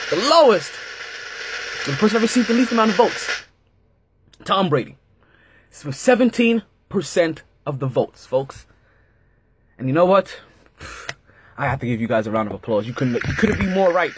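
A man hosting a casual sports podcast, talking in an animated way, repeating himself and making jokey asides. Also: on the high side, normal speed, background noise. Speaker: podcast host.

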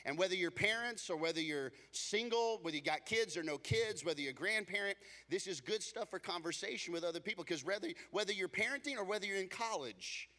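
A man's voice: high-pitched, animated, fairly quick, few pauses, pushed and bright, long reverb tail. A man preaching a sermon as a pastor, casual and joking, slipping into acted voices to tell everyday stories.

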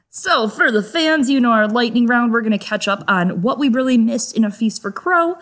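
A woman's voice: a little high, expressive, normal speed, a bit bright. Playful woman co-hosting a podcast. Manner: playful, laughs often. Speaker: podcast co-host. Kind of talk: casual chat.

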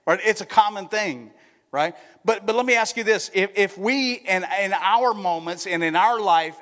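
A man's voice: high voice, a bit bright. A male pastor preaching a sermon in a conversational manner, often checking in with the congregation. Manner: conversational, keeps asking the congregation "right?". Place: church sanctuary. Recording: long church-hall reverb.

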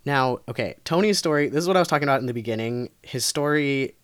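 A woman's voice: a bass voice, lively intonation, fast. A woman co-hosting a podcast, casually telling a true crime story with lots of fillers and frequent laughs. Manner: laid-back, laughs often, lots of fillers.

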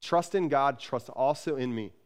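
A pastor preaching a sermon, energetic and conversational, repeating words and swinging between loud emphasis and soft, tender passages. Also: male voice, medium pitch, normal speed, clean tone.

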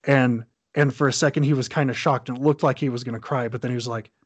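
Animated man retelling a game story. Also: medium pitch, fast, husky, no echo. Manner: animated retelling, acting out dialogue. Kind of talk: casual podcast chat.

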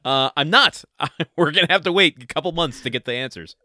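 Man, hesitant podcast chat, bright clear voice, dry close mic. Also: on the high side, animated, fairly quick, no echo. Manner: hesitant, dry jokes, frequent laughs. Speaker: podcast co-host. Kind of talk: casual movie-review chat.

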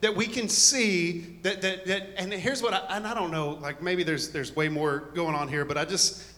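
A man's voice: high voice, steady tone, moderate pace, sharp tone, in a large hall. A man preaching a conversational sermon to a congregation, full of joking asides and rambling stories. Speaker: pastor.

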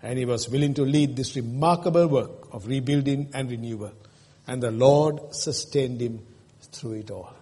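A man's voice: medium pitch, normal speed, warm tone, husky. A man preaching a sermon as pastor, earnest and emotional, asking his congregation questions. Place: church. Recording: long reverb in a church hall.

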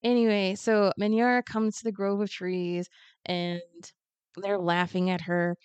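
A woman guest on a podcast, chatting casually and retelling a story in an animated, joking way. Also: medium pitch, a little slow, smooth, no room sound, muffled recording.

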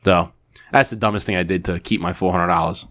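Fast-talking, profane male podcast co-host. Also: deep voice. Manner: profane, animated storyteller. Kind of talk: casual storytelling chat.

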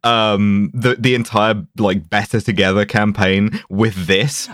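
A man co-hosting a podcast, dropping wry, deadpan quips in casual chat. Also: fairly low pitch, measured pace, no echo, clean studio sound. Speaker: podcast co-host.

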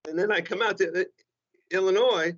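Lively New man telling stories. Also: high-pitched, brisk, lo-fi sound. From New Jersey. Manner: animated, joking, acts out quoted voices. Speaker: guest comedian. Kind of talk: storytelling interview talk.

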